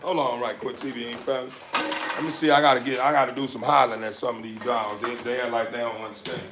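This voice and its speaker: A man's voice: mid-range voice, flat delivery, quick pace. A man casually chatting on a live stream while he handles his dogs, speaking in a laid-back drawl, repeating phrases and now and then hollering sharply at them. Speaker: dog breeder. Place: indoors with dogs around. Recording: echoey room with faint noise.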